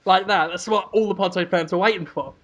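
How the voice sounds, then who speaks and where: A man co-hosting a podcast, telling a sweary comic story with shouted mock proclamations. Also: high-pitched, a little fast. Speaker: podcast co-host. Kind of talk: casual comedic storytelling.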